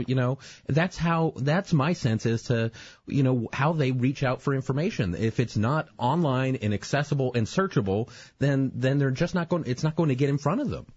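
A man hosts a conversational interview, circling his point with frequent restarts. His voice sounds husky, and the dry recording comes across as dull and lo-fi. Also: medium pitch, darkish tone, dry recording. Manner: hesitant, many fillers and restarts. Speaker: radio host.

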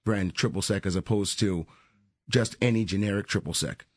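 A man with a booming voice, a guest on a radio show explaining a liqueur and its history. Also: moderate pace, no room sound, clean studio sound. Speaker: spirits brand educator.

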